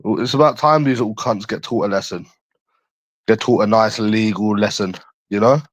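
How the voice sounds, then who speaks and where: A man's voice: fairly low pitch, normal speed, no room sound. A young man from London chatting on a livestream, crude, taunting and repeating himself as he answers viewers. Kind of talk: casual chat answering viewers.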